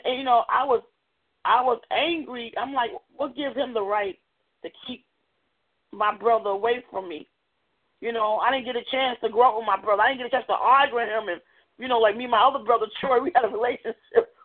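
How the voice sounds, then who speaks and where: Woman guest speaker, earnest halting testimony, fairly high voice, phone-line sound. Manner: earnest, halting, with frequent restarts. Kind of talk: personal testimony sermon. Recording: tinny phone-like audio.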